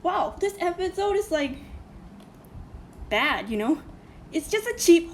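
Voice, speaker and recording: A woman's voice: sits high, slight background noise. A woman reacting to a cartoon in casual, indignant commentary, swearing often and filling with "like" and "you know". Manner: indignant, swears a lot, many fillers. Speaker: reaction video host.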